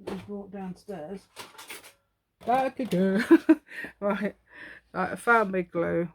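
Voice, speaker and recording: A woman's voice: medium pitch, slow, slight background noise. A woman hosting a crafting tutorial, chatting as she works, rambling and laughing often. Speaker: craft channel host.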